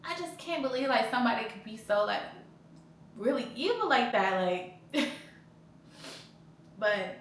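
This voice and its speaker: A young woman, casually telling her own breakup story as a podcast host, blunt and profane, jumping into high loud voices when she quotes others. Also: sing-song, unhurried, long pauses. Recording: very echoey room, faint background noise.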